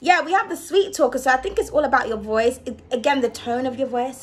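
A woman's voice: sits high, fast talker, few pauses, slight background noise. A woman giving a casual card reading to her viewers, chatty and reassuring, often checking in with "okay?". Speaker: tarot card reader.

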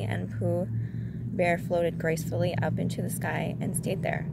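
Lady reading a kids' story, calm and measured, bit of fry, noisy audio. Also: lowish voice. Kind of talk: children's read-aloud.

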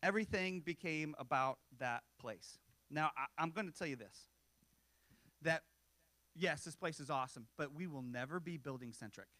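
A man's voice: on the high side, moderate pace, bright, forceful tone, no echo. Joking conversational preacher, man. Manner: conversational, self-deprecating humor with frequent asides. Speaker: pastor. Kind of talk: sermon.

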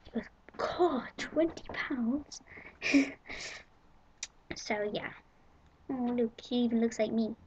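Brief: bubbly female vlogger, higher-pitched voice, dull lo-fi home-video sound. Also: creaky, slight background noise. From England. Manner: chatty and excitable, rambling with giggles. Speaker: vlogger showing a shopping haul. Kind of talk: casual chat to camera.

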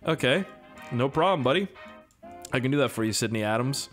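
Young male gamer, casual joking playthrough talk, animated delivery over soft game music. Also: medium pitch, fairly quick. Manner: profane, excitable, jokey. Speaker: gaming YouTuber. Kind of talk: casual gameplay commentary.

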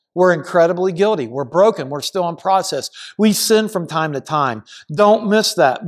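A man pastor preaching a sermon in a church, earnest and emphatic, repeating phrases for stress. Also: sits high. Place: church sanctuary.

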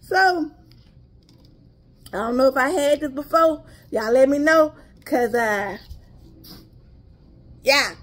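Southern woman, high voice, chatty haul vlogger, talks straight to her viewers and wanders off on side stories. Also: slow pace, pauses often. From Texas. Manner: chatty, addresses viewers as y'all, drifts into asides. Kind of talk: casual chat to viewers.

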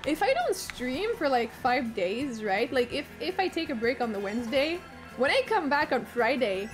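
A woman's voice: high-pitched, sing-song, normal speed. Brief: chatty Quebec-accented woman, French native, raised voice, throat wearing out, game music behind. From Quebec, Canada. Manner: chatty, swears a lot, laughs often. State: voice giving out, sore throat. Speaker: streamer. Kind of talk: casual gaming stream chat.

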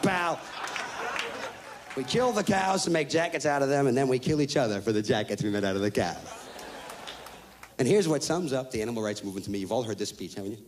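Loud sweary comedian guy ranting onstage, faint crowd and some noise under it. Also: medium pitch, brisk, long pauses. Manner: loud, profane, ranting, mocking voices. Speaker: stand-up comedian. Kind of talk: stand-up comedy rant. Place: stage before a live audience. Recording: live stage recording with audience.

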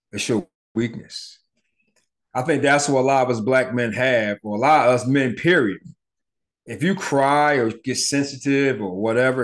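A middle-aged man, telling a personal story on his podcast in a casual, profane, animated way, acting out the people he quotes. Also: medium pitch. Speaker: podcast host.

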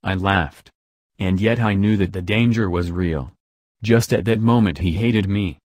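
A man narrating an audiobook in an even, measured reading voice. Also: sits low, no echo, clean studio sound. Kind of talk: scripted narration.

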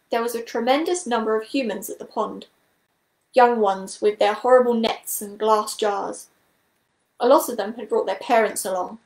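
Fretful old toad with a high, shaky voice, read by a woman, roomy sound. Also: a little mellow, close to an everyday voice.

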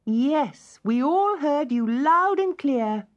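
A woman voicing a grateful blackbird who speaks in a bright, emphatic way. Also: high-pitched, lively intonation, slow, highs cut off, voice pushed up. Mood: relieved.

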